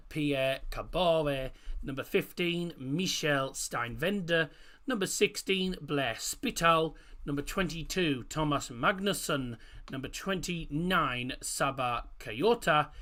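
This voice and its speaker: A man's voice: on the high side, takes it slowly, bright, forceful tone. A man hosting a live football watchalong, chatting casually with corny jokes and stopping to correct how he says player names. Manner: chatty and jokey, corny puns, stumbles over player names and corrects himself. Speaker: host of a football watchalong stream. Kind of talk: casual live-stream chat. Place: room at home, indoors.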